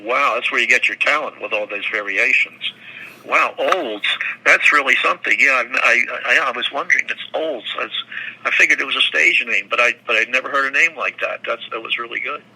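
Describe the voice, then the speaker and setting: An older man talks in long, rambling answers, stumbling over repeated words and restarting his sentences. His voice has a very bright, forward edge. It sounds like an unscripted interview. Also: mid-range voice, fairly quick, creaky, slightly rough, rough recording. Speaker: guest.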